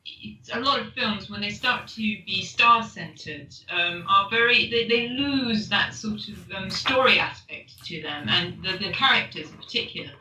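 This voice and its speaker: A woman's voice: medium pitch, expressive, normal speed, hardly any pauses, sharp tone, a little hiss or hum. A woman joining a podcast film discussion, speaking hesitantly with many ums and restarts. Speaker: podcast guest. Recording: distant roomy recording.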